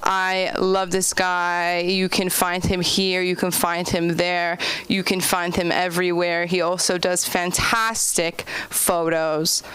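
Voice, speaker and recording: A woman emcees a comedy open mic from the stage, hyping the crowd and bringing up comedians. Her voice is low, smooth and resonant. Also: flat delivery, slow, few pauses, fairly bright tone. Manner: upbeat crowd hype.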